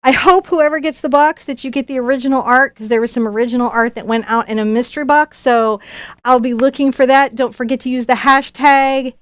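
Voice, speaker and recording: A chatty, bubbly woman artist who hosts a live unboxing stream and talks casually to viewers. Her voice sits a little high and sounds dry and close, with no room echo. She often stumbles into restarts as she talks. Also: fairly even intonation, fairly quick. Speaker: professional artist and channel host.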